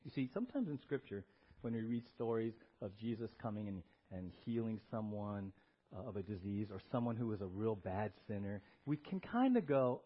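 Animated male pastor preaching. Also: on the low side, moderate pace, breathy edge. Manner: animated, emphatic, asks the congregation questions. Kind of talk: sermon. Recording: dull lo-fi recording.

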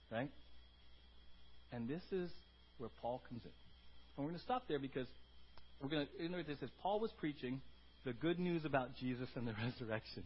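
A pastor giving a conversational sermon, often tagging points with "right?" and moving between loud emphasis and quiet asides. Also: male voice, mid-range voice, expressive, brisk, pauses often, lo-fi sound, a little hiss or hum.

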